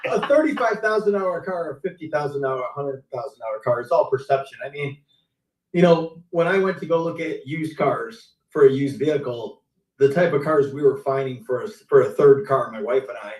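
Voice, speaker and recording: A man's voice: mid-range voice, lively intonation, brisk, darkish tone. A middle-aged man, a car sales veteran, telling stories casually on a live stream and acting out his customers' lines. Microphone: video call. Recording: roomy, distant mic.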